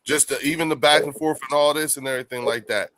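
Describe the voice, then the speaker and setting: A man's voice: fairly high pitch, steady tone, fast talker, fairly bright tone. A man hosting a sports fan stream, talking in a laid-back, profane way and leaning on fillers like "you know what I'm saying". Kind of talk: casual podcast chat.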